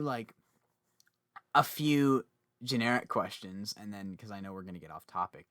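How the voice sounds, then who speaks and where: A young man hosting a casual podcast chat, talkative and quick to laugh, often interrupting himself. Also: medium pitch, fairly bright tone, no room sound, clean studio sound. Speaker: podcast host.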